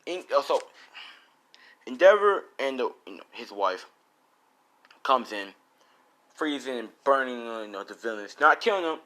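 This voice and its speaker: A man's voice: mid-range voice, lively intonation, normal speed, pauses often, bright, forceful tone. A man casually improvising a fan fiction story, rambling with lots of fillers and the odd swear.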